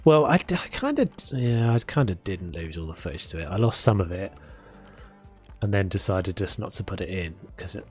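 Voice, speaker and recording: A gaming streamer with a South London accent rambles casually and pokes fun at himself while building in a game. His low, expressive voice moves fairly quickly, with a slightly mellow, breathy quality, and soft music plays in the background.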